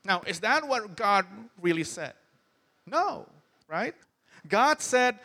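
Bright, high-voiced male preacher. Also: very animated, takes it slowly, pauses often. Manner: emphatic, asks the crowd questions. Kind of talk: sermon.

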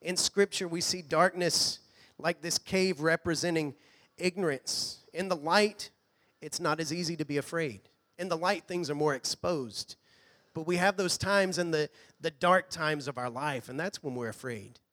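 Earnest preaching man, fairly high voice. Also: normal speed. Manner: earnest preaching, drops to a hush on quoted lines. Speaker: pastor. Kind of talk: sermon. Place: church hall.

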